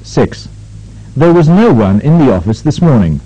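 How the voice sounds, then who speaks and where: A man instructing a recorded pronunciation drill, speaking slowly and carefully with exaggerated intonation. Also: mid-range voice, very animated, dark tone. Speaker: language lab instructor. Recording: dull lo-fi tape recording.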